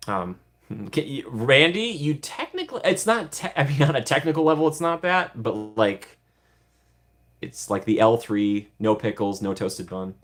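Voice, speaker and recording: A man's voice: mid-range voice, big pitch swings, moderate pace, fairly bright tone. A man casually chatting on a livestream, answering viewer comments in a playful way and giggling often. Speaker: streamer answering live chat.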